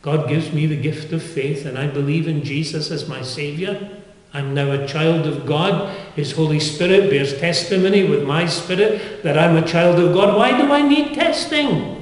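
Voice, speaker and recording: Older preacher in an echoey chapel. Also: male voice, moderate pace. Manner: earnest, dynamic preaching with sudden rises in pitch and volume. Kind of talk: sermon. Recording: echoey chapel with long reverb.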